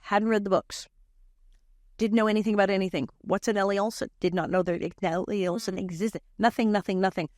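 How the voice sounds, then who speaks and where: An older woman tells a story in casual chat on a dry, close podcast mic. Her pitch sits in a middle range. She jumps into quoted voices and laughs as she goes. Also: fast, no echo. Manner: animated, acts out voices in quoted lines, laughs often. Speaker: guest, former child actress.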